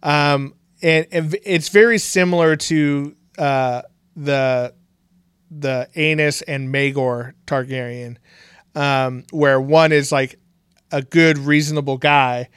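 A man chatting casually on a podcast, recapping a fantasy series and stumbling through names with plenty of fillers. His voice is smooth and clear, sitting a little high for a man. The sound is dry and close, with no room around it. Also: steady tone, takes it slowly, fairly bright tone, dry recording. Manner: rambling, many fillers and restarts, breaks into mocking high voices for quotes. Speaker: podcast co-host.

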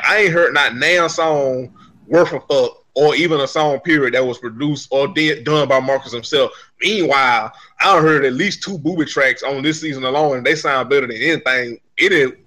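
Bright-voiced, animated man chatting. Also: mid-range voice. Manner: animated, profane, laughing storyteller. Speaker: podcast co-host. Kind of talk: casual chat.

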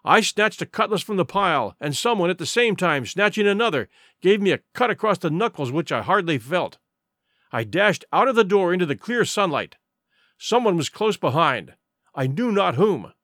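A man's voice: sits high, sing-song, moderate pace, fairly bright tone, no room sound, clean studio sound. A man narrating an adventure audiobook in a vivid, dramatic storytelling manner.

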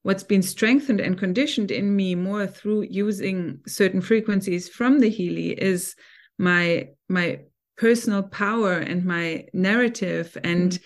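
A woman's voice: medium pitch, unhurried. Earnest woman guest on a podcast. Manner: earnest, keeps checking in with "right?". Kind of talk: conversational interview.

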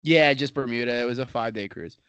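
A man's voice: mid-range voice, fast talker, fairly bright tone, smooth, no room sound. A man co-hosting a podcast, telling loose, profane stories in casual chat. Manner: crude, swearing, laid-back storyteller. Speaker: podcast co-host.

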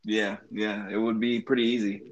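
Low-voiced podcast host, laid-back, hesitant, casual. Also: male voice, flat delivery, normal speed, lo-fi sound.

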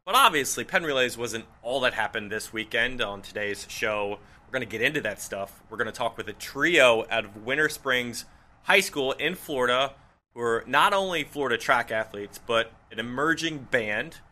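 A man hosting a track and field podcast, upbeat and energetic. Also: mid-range voice, normal speed. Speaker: podcast host. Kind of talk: sports podcast chat.

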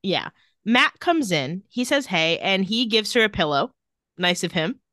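A woman's voice: mid-range voice, very animated, measured pace, bright, forceful tone, no echo. A woman co-hosting a podcast, casually recapping TV scenes with quoted lines and dry asides. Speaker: podcast co-host recapping a TV episode. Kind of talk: casual chat.

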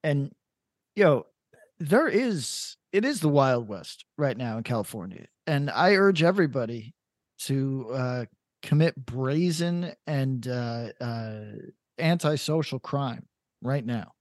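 A man's voice: medium pitch, expressive, slow, no room sound, clean studio sound. A man co-hosting a podcast in casual chat, riffing loosely with blunt opinions and frequent swearing. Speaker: podcast co-host.

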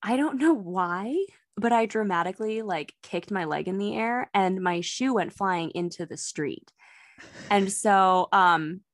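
A woman's voice: medium pitch, measured pace, no room sound, studio quality. A young woman in her twenties, a guest chatting casually and telling stories with frequent giggles. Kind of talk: casual chat.

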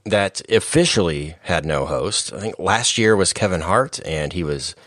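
A man hosting a casual comedic movie podcast, talking briskly with wry jokes. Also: sits low, lively intonation, fairly bright tone, no room sound, clean studio sound. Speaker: podcast host.

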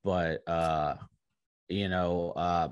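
A man in his thirties, an army veteran, speaking as a podcast guest in a halting, frank way, with many restarts and swearing. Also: low voice, steady tone, clean tone, no echo, lo-fi sound. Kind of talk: candid podcast conversation.

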